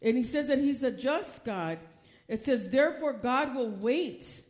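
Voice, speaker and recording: A woman's voice: sits high, lively intonation, a little slow, darkish tone. A woman pastor preaching a sermon from the pulpit, emphatic and often asking the congregation questions.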